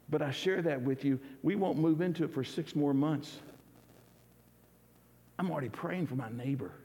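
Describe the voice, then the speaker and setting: A man's voice: fairly high pitch, gravelly, darkish tone. A man preaching an earnest, conversational sermon as pastor, often restarting his words. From United States. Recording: church hall with long reverb.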